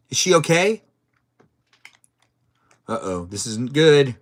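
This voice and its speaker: A man's voice: a little high, expressive, unhurried, pauses often, fairly bright tone. A man live-streaming a video game, chatting playfully, reacting to the play and reading out viewer messages. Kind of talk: casual gameplay live-stream chat.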